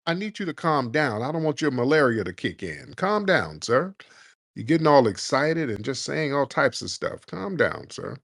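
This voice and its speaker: A man hosts a live call-in chat with a voice of ordinary pitch. His delivery is mocking and taunting, and he keeps calling his callers "sir". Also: sing-song, normal speed, creaky, a bit bright, dry recording, studio quality. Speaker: host.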